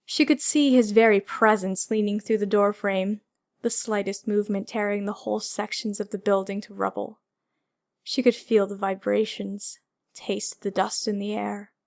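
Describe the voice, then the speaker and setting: A woman narrating a fantasy audiobook in a measured, descriptive way. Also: mid-range voice, level tone, vocal fry.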